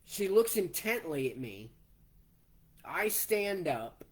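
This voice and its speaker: A man in his forties recounts a personal story at an unhurried pace. He talks plainly and takes events one step at a time. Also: high-pitched, big pitch swings. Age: 40s. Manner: slow, plainspoken, retelling step by step. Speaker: vlogger.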